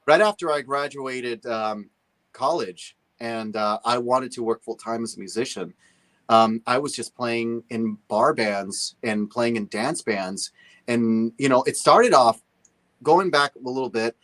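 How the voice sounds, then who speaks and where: A man's voice: mid-range voice, unhurried. A man guesting on a talk show, casually telling stories and acting out other people's voices. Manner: animated, acts out the voices of others. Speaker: guest musician. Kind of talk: casual storytelling.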